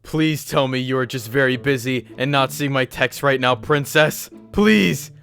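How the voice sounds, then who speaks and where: A man voicing an obsessive, lovesick young man who pleads melodramatically and flares into yelling. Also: mid-range voice, a little slow, creaky, faint music behind. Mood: pleading.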